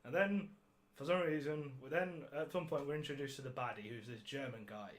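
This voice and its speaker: A man's voice: medium pitch, fairly quick. A man hosting a podcast, reviewing a film in casual chat, sarcastic and ranting, swearing freely and laughing at his own jokes. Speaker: podcast host.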